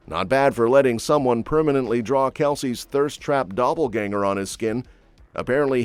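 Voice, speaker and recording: A man's voice: mid-range voice, no echo. Male gossip-show narrator: jokey, breezy, dry close mic, light music bed. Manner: breezy, jokey, quippy delivery. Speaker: entertainment news narrator. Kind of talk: scripted celebrity gossip voice-over.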